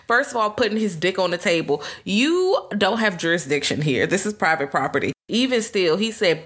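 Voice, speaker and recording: A woman's voice: mid-range voice, sing-song, moderate pace, a bit bright. A woman co-hosting a casual movie review podcast, talking bluntly and profanely and playfully acting out characters. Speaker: podcast co-host.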